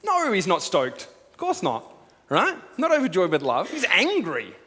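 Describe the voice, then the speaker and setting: A pastor giving a sermon as casual storytelling, swinging from loud to hushed. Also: male voice, high voice, wildly swooping pitch, normal speed. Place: church auditorium. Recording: long hall reverb.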